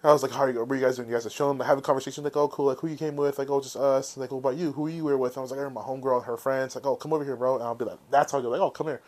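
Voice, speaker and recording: A man co-hosting a podcast, telling stories in a casual, animated way and swearing freely. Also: mid-range voice, very fast, few pauses. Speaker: podcast co-host. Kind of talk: casual chat.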